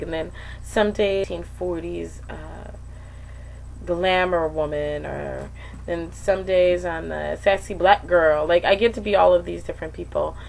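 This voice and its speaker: Frank, low-voiced woman vlogging candidly. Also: creaky, a little hiss or hum, poor audio. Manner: frank, emotional, rambling with many fillers. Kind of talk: candid personal video diary.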